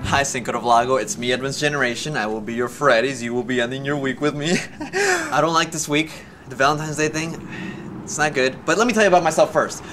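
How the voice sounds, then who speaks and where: Energetic young man with a lively voice. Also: mid-range voice, music in the background. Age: young adult. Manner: energetic, fast, jokey, theatrical. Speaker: vlogger. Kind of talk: casual vlog storytelling.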